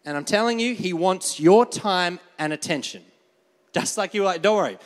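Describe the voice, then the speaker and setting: High-voiced man preaching in a hall. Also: moderate pace. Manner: conversational, asks the crowd for amens; animated, laughs often. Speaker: pastor. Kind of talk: sermon with a volunteer on stage. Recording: long reverb of a large hall.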